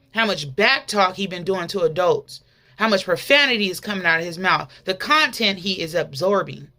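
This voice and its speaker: A woman's voice: fairly low pitch, sharp tone. A woman preaching an impassioned, conversational sermon, full of rhetorical questions to the congregation.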